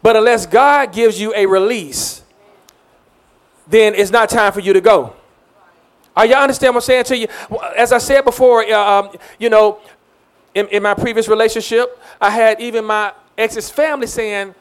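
A man's voice: high-pitched, fairly quick. A man giving a conversational sermon as a minister, earnest, often repeating words and calling out amen.

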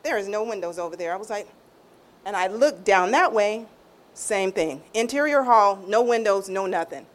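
A woman telling an emotional personal faith testimony. She acts out quotes in a raised voice and drops to a hush at tender moments. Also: mid-range voice, normal speed. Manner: animated storytelling, acts out quotes in raised tones. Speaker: guest sharing a testimony.

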